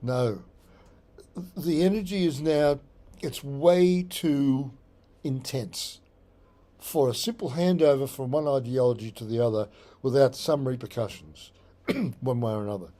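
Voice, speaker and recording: A man's voice: medium pitch, measured pace, pauses often, warm tone. An Australian man, a psychic medium, talking through a rambling solo blog monologue and often repeating his phrases.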